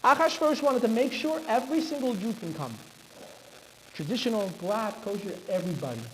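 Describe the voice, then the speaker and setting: A man's voice: high-pitched, lively intonation, fairly quick, fairly bright tone. A man, a rabbi, telling a dramatic story in a sermon at a synagogue. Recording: reverberant hall, faint background noise.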